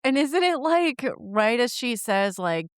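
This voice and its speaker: Smooth-voiced giggly woman co-host. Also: on the high side, sing-song, unhurried, no echo, studio quality. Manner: giggly, chimes in with opinions and reenacted quotes. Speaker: podcast co-host. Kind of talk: casual book recap chat.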